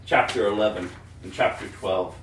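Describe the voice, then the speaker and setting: A pastor preaching an impassioned, emphatic sermon, dropping to a hush and then rising to loud. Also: male voice, on the low side, normal speed, roomy sound, far from the mic, slight background noise.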